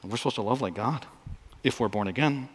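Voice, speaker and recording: A man preaching a sermon as pastor, animated and jokey, rising to excited peaks. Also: mid-range voice, fairly quick. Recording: long hall reverb.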